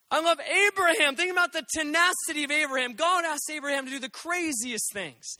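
A man in his thirties preaching a sermon, telling funny family stories in an animated way that swings from loud to hushed. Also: very high-pitched, fairly quick, hardly any pauses, dry recording. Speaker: pastor.

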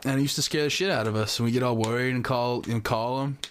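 A man's voice: mid-range voice, steady tone, fast, a little hiss or hum. Profane rambling man. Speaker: podcast co-host. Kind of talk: casual chat.

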